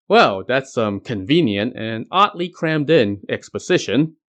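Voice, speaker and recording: A man's voice: medium pitch, animated, a little slow, hardly any pauses. A man hosting a podcast, narrating a folk tale with wry conversational asides. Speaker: podcast host. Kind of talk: storytelling narration.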